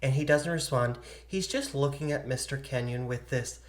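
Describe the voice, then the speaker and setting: A woman's voice: very deep voice, normal speed, reverberant. A woman co-hosting a podcast, retelling a story in casual chat and acting out the voices of the people in it. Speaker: podcast co-host. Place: indoor podcast setup.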